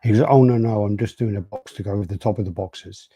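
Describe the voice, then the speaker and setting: A man's voice: fairly low pitch, fairly even intonation, quick pace, mellow, slightly rough, no echo. A British man co-hosting a podcast, casually telling stories and reading out live chat messages. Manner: rambling storyteller, acts out quotes. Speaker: podcast co-host.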